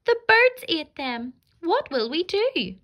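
A woman voicing a frightened little girl in a storybook, with a high, squeaky voice. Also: very animated, slow, pushed and bright, a little hiss or hum, full character voice.

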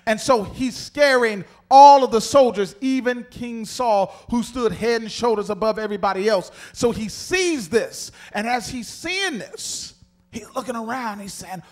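A man preaching an animated sermon and calling on the congregation to read along. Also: extremely high pitch, moderate pace. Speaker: pastor.

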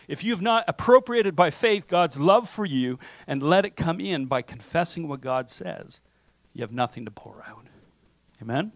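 A pastor with a fairly high voice preaches a sermon in a church sanctuary, recorded dry. His style is conversational, checking in often with "okay?" and acting out what people tell themselves.

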